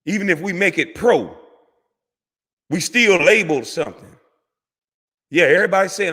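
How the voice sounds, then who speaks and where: A man's voice: a little high, expressive, normal speed, pauses often, fairly bright tone, slightly rough. Heated, profane man ranting in reverb. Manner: heated, profane, preachy, repeats for emphasis. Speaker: former pro athlete giving commentary. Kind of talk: impassioned rant to camera. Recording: long hall reverb.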